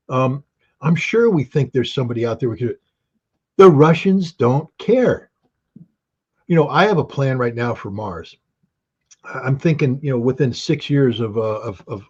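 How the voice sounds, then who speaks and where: A man's voice: medium pitch, a little mellow, breathy edge. A middle-aged man giving blunt, emphatic political commentary as an interview guest, hammering points through repetition. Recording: dull lo-fi sound.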